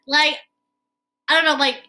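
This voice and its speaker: A young woman hosting a casual chat, talkative and quick to laugh, with many fillers. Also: high-pitched, little pitch movement, sharp tone, low-quality recording. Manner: chatty, filler-heavy, laughs easily. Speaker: podcast host. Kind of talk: casual conversation.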